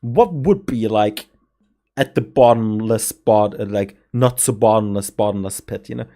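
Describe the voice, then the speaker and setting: A man from Germany, a native German speaker, hosting a stream and planning a campaign as game master, rambling and giggly with quick bursts. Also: on the low side, warm tone.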